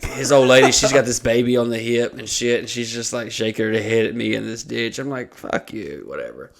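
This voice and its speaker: Young adult man, podcast host, casual storytelling, profane, rambling, mid-pitched voice. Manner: profane, rambling anecdote with lots of fillers.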